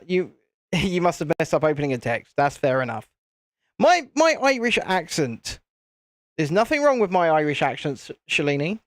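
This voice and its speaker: A man's voice: sits high, no room sound, studio quality. A British man hosting a live stream, chatting casually to viewers in a self-deprecating, easily flustered way. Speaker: channel host.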